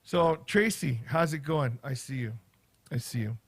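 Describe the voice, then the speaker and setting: A middle-aged man, a teacher, chatting casually on a livestream in a rambling way, with lots of fillers and animated storytelling. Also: mid-range voice, unhurried. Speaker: teacher and vlogger.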